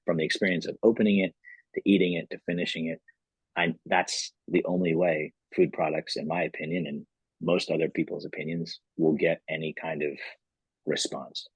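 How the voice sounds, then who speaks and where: A man's voice: a bass voice, level tone, normal speed, husky, no room sound, rough recording. A man, a company founder, telling his story as a podcast guest in a loose, rambling way full of "you know.". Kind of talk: casual storytelling interview.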